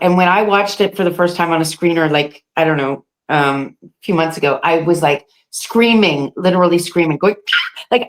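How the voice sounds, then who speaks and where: A woman guest with a somewhat low voice, telling stories in an animated way during a casual interview. She often stops and restarts her sentences. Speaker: film cast member guest.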